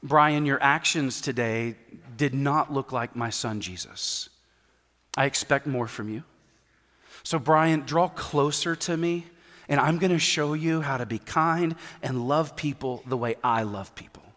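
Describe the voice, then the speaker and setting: A man voicing God, a gentle, firm father. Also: mid-range voice, lightly acted. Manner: gentle, measured, corrective. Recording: reverberant church hall.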